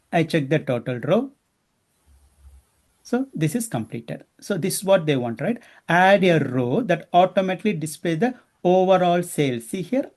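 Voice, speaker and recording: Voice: medium pitch, a little mellow. An instructor teaching a class step by step and often checking in with the students. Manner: explains step by step, often asking the class questions.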